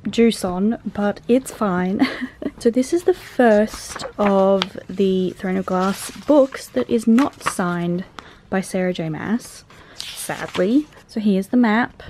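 Young female book vlogger, casual and giggly, mellow tone. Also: medium pitch, lively intonation, takes it slowly, a little hiss or hum. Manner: chatty, giggly and gushing. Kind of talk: casual reading vlog chat.

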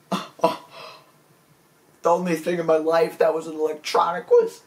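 A comedy vlogger delivers a mock-serious apology monologue, stammering in a tearful, self-pitying way as his pleas crack into sudden high squeaks. He moves briskly with little change in pitch.

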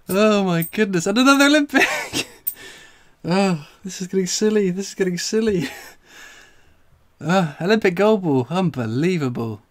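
Breathless with excitement, this English coin collecting streamer exclaims and laughs through his live commentary. His voice is high-pitched and his pace a little slow.

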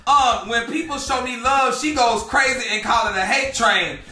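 A man's voice: very high voice, normal speed, sharp tone, recorded from a distance. A man hosting a celebrity drama commentary show, sassy and exclamatory as he reads posts aloud and reacts to them. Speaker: gossip show host. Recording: echoey room, off mic, faint music.

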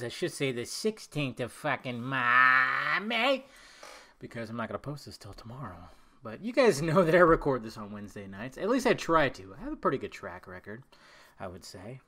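Rambling, animated podcast host man. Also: medium pitch. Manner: rambling, profane, animated swings in loudness. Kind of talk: casual solo podcast chat.

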